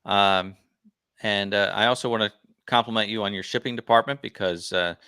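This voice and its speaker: A man's voice: lowish voice, steady tone, normal speed, sharp tone, clear, resonant tone, dry recording, clean studio sound. A man hosting a gardening livestream, chatty and friendly, announcing giveaways and asking questions. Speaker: livestream host.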